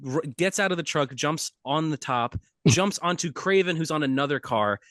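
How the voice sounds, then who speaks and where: A man co-hosts a comic book podcast in a casual, rambling way, cracking jokes and laughing as he goes. His voice sits at an ordinary pitch. The sound is dry and close. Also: animated, moderate pace, a bit bright, no echo. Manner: rambling, jokey, laughs often. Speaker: podcast co-host. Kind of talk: casual chat.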